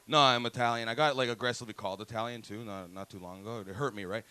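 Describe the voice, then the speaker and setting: Stand-up comic, thirties, Toronto accent, bright voice, laughs through his lines. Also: lowish voice, fairly even intonation, fast talker, few pauses, smooth. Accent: Toronto English. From Toronto, Canada. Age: 30s. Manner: profane, laughing, acts out voices. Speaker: stand-up comedian. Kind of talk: stand-up comedy set. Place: comedy club stage.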